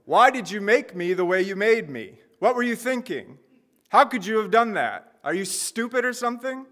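A man's voice: high-pitched, big pitch swings, sharp tone, voice pushed up, full character voice. A man doing a tiny ranting clay figurine. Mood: ranting, indignant. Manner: whiny, indignant, rapid complaints.

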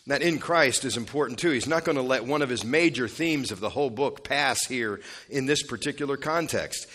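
A man's voice: mid-range voice, brisk, a bit bright. A man preaching an expository sermon as pastor, conversational with asides, leaning hard on key words as his voice rises and drops. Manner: emphatic, rising and dropping for stress.

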